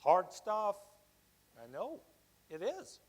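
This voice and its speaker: Man, fairly high voice, giving an animated, chatty Sunday sermon that keeps asking "okay?". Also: slow pace, breathy edge, rough recording. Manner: lively, conversational, often asks "okay?". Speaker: practitioner giving the Sunday talk.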